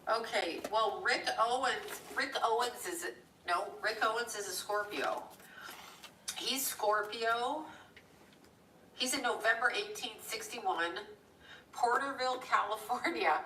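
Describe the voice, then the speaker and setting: Bright-voiced woman rambling in a roomy space. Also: medium pitch, measured pace, slight background noise. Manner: rambling, blunt and profane, chuckling. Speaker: live-streaming artist. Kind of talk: casual live-stream chat while drawing. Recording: roomy echo from a distant mic.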